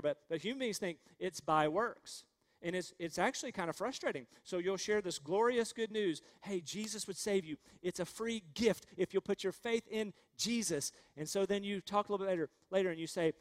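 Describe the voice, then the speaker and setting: A male pastor with a notably high voice preaches earnestly, firing off rhetorical questions and leading his congregation to repeat lines back. His words ring out with the long reverb of a large church sanctuary. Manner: earnest, rhetorical questions, leads the crowd in call-and-response. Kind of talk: sermon.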